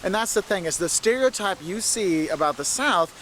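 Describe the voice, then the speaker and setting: Faint traffic hums in the background as an eager travel presenter speaks straight into the camera on a city street. His fairly high, slightly bright voice has lively intonation, and he keeps a moderate pace.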